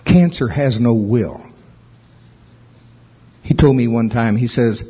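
Husky male pastor, emphatic sermon, dull lo-fi sound. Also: slow, pauses often. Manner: emphatic preaching, rising in pitch when stirred.

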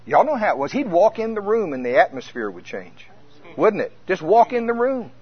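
A man preaching at a conference as a minister, telling stories that swing between hushed and loud. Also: high-pitched, sing-song, moderate pace, slightly rough. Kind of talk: conference sermon. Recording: dull lo-fi sound.

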